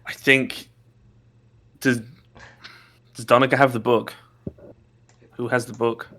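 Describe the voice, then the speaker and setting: A man's voice: mid-range voice, little pitch movement, slow pace, bright, forceful tone. A man playing in a tabletop game, thinking aloud about rules and tactics. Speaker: player. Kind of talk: casual game talk.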